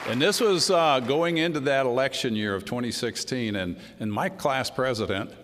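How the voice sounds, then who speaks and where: A man's voice: medium pitch, moderate pace, fairly bright tone, a faint crowd, a little hiss or hum. Folksy man speaking in a hall. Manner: folksy storytelling, acts out quoted exchanges. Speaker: congressman giving a speech. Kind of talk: folksy political speech. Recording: long hall reverb.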